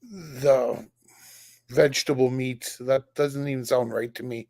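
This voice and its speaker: Blunt gravelly man swearing casually. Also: mid-range voice, steady tone, measured pace, darkish tone, no room sound. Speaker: guest YouTuber. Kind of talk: casual chat. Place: at home.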